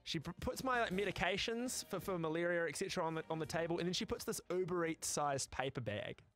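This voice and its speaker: A man's voice: fairly high pitch, fast, a bit bright, soft background music. A man hosting a podcast, telling stories in a wry, self-deprecating way. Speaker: podcast host. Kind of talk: casual podcast chat.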